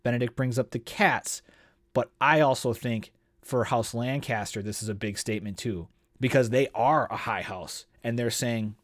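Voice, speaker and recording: A man's voice: medium pitch, normal speed, dry recording, clean studio sound. A man hosting a casual book discussion, enthusiastically summarizing chapters and reading passages aloud. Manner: enthusiastic, summarizes the plot and reads excerpts aloud. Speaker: book discussion podcast host. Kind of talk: casual book club chat.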